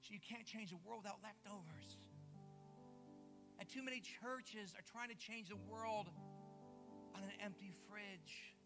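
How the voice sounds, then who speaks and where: A middle-aged man preaching a passionate sermon as a guest pastor in a church, building to loud, excited peaks. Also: high voice, unhurried, long pauses, poor audio. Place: church sanctuary. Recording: music playing behind.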